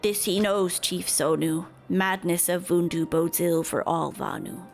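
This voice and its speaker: A woman's voice: lowish voice, steady tone, measured pace, soft background music. A woman voicing a solemn birdlike tribal elder with broken, formal country-bumpkin speech.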